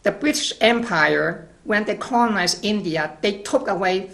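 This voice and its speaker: A man's voice: sits high, measured pace, vocal fry, a bit bright. A man guest in a TV interview, arguing his point emphatically with rhetorical questions and restarts. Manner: emphatic, rhetorical questions, repeats words at the start of phrases. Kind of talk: argumentative interview answers.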